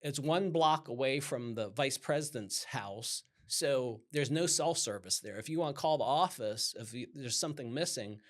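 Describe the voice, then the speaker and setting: Man, guest, roofing business owner, casual storytelling, animated quotes. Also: medium pitch, moderate pace, few pauses. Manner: animated, acts out customer dialogue in quotes.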